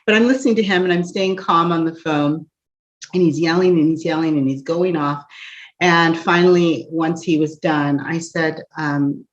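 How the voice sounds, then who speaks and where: A young woman, an empath coach, telling a personal story in an animated way with frequent laughs and asides. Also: sits low, normal speed. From United States. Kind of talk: storytelling encouragement talk. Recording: dull lo-fi recording.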